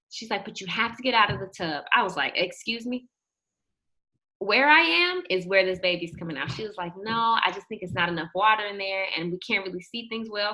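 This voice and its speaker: A young woman telling a personal story in an animated way, acting out the quotes and shrieking at the high points. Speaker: guest telling her birth story.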